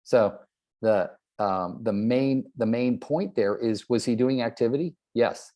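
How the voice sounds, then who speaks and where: A man's voice: medium pitch, measured pace, mellow. A man in his sixties, a real estate trainer, giving a motivational talk and acting out the people in his stories. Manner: storytelling, acts out quoted people.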